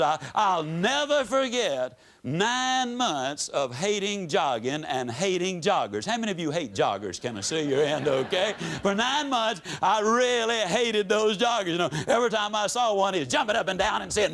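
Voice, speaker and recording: A man's voice: expressive, normal speed, hardly any pauses, fairly bright tone, a little hiss or hum. Folksy man giving a motivational speech. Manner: folksy storytelling with sweeping rises and drops in pitch. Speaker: motivational speaker. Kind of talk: motivational speech to a live audience. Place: stage before an audience.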